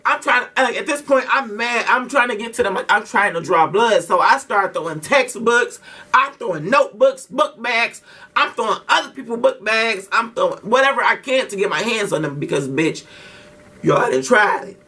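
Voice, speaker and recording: A man's voice: sits high, animated, moderate pace, sharp tone, husky, far from the mic. A man telling a story casually to his vlog audience, slangy and profane, with lots of restarts. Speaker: vlogger.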